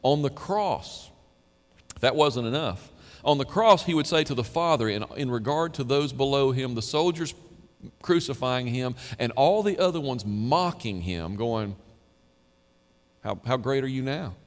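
A man's voice: animated, normal speed. Emphatic male pastor in an echoing hall. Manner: emphatic, conversational preaching, swings to quiet and low. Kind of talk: sermon. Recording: reverberant hall.

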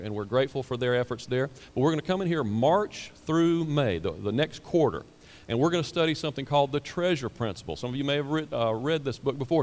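Man, pastor, sermon, repeats words, emphatic, long church reverb. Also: medium pitch. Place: church sanctuary. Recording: hall reverb.

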